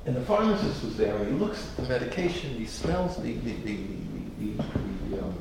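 A man giving a sermon as a rabbi, telling a story with lively, repeated words and restarts. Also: mid-range voice, a little fast. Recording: echoey room from far off, noisy.

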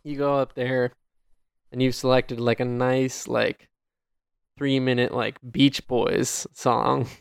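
A man's voice: mid-range voice, little pitch movement, slow, gravelly, clean tone, no room sound. A man co-hosting a podcast, chatting casually with wry, rambling jokes and the odd swear. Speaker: podcast co-host. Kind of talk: casual chat.

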